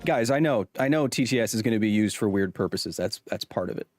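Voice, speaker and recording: Male streamer, animated and chatty, dry close-miked sound, self-interrupting. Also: lowish voice, no room sound, faint music behind. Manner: rambling, self-interrupting, quick to laugh. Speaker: live streamer. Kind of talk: casual live-stream chat.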